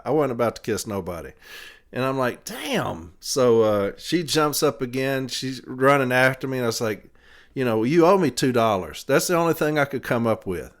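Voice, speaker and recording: A man hosting a podcast, telling a long rambling story in a casual way, laughing between phrases and swearing freely. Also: medium pitch. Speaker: podcast host.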